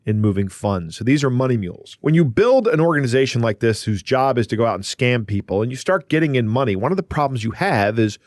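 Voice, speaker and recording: A man co-hosts a podcast, walking the listener through a story in plain conversational terms. His voice sits at a middle pitch, recorded close and dry with no room sound. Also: sing-song, fast talker, few pauses, a little mellow, no echo. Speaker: podcast co-host. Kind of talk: casual podcast chat.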